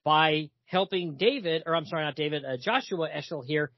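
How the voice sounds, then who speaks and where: A man with a fairly high, husky voice chats through a comic book on a podcast, acting out the characters' lines in loose voices. The sound is dull and lo-fi, with a dry, close feel. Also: brisk, no room sound. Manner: reads comic dialogue aloud with loose, lightly acted voices. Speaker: podcast co-host. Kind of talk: casual comic book discussion.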